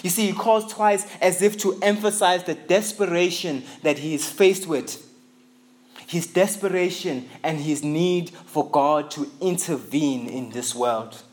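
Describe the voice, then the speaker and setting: A man's voice: fairly high pitch, a little slow. Earnest preacher man. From South Africa. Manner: earnest, emphatic, repeats key phrases for stress. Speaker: visiting pastor. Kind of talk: sermon. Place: church in England.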